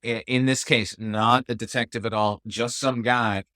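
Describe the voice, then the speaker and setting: A man co-hosting a podcast in casual chat, rambling and breaking into loud exclamations. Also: medium pitch, steady tone, normal speed, no echo, studio quality. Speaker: podcast co-host.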